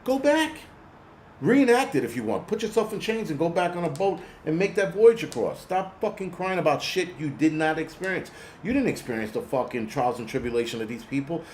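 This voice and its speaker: A man's voice: on the high side, darkish tone, reverberant, slight background noise. A man hosting his own channel, ranting bluntly and angrily with a lot of swearing. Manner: profane, blunt, angry ranting. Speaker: host. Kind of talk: ranting monologue.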